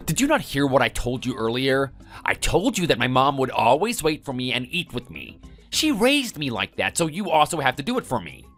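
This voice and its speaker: A text-to-speech voice voicing a whiny, lazy young husband who blusters and then pleads in a text-message story. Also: male voice, medium pitch, huge pitch swings, fairly quick, a bit bright, soft background music. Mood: irritated. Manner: whining, blustering.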